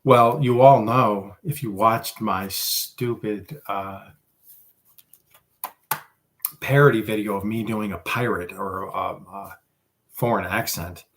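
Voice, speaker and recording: A man's voice: lowish voice, steady tone, a little slow, a bit bright. A man hosting a casual livestream, chatting with viewers in a rambling, self-deprecating way. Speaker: livestream host.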